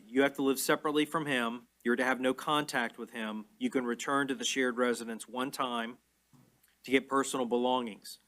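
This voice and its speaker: A man presiding as judge in a courtroom, explaining orders in a measured, plain way. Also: medium pitch, steady tone, fairly bright tone. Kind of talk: courtroom proceedings.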